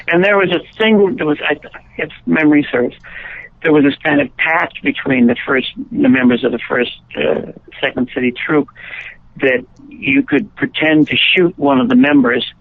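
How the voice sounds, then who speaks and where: A man with a gravelly voice tells long, rambling stories as an interview guest, restarting his sentences as he goes. He sounds tinny and thin, as if he were on a phone line. The sound is dry and close, with no room around it. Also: medium pitch, no room sound. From Chicago. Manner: rambling anecdotes with frequent restarts. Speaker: interview guest, actor and musician. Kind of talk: casual storytelling interview.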